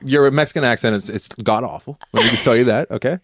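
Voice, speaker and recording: A man's voice: mid-range voice, fast, fairly bright tone, no echo. A man co-hosting a podcast, tossing in dry wisecracks during casual chat. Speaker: co-host.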